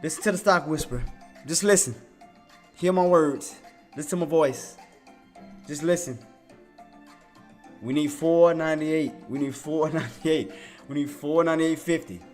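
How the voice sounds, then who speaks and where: A soft, hushed mystic chanting low in a whispered role-play, pleading in slow repeated phrases, as a man puts him on. The voice drops well below the speaker's usual high tone, with faint music behind. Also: expressive, close to an everyday voice. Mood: coaxing.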